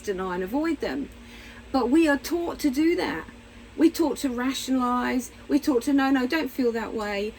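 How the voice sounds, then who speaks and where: Lively, candid middle-aged woman therapist. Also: sits high, a little hiss or hum, low-quality recording. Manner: candid, blunt, animated, acts out little voices. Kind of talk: casual explanatory talk to camera.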